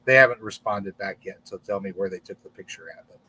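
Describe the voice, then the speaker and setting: A man's voice: fairly low pitch, quick pace, pushed and bright, slight background noise. A man hosting a casual livestream in front of a green screen, rambling and stumbling over repeated words. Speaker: channel host.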